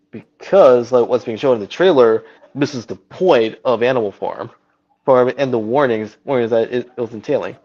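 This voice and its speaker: A halting male co-host with a dark, mellow tone stumbles through his points, repeating words as he goes. His voice comes through a dull, lo-fi connection. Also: mid-range voice. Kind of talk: casual chat.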